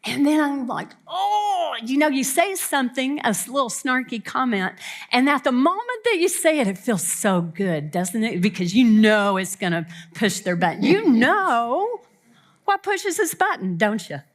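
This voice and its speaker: Woman, 50s, fairly high voice, earnest, self-deprecating, storytelling talk. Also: animated, normal speed. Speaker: family camp speaker. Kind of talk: warm personal talk to an audience.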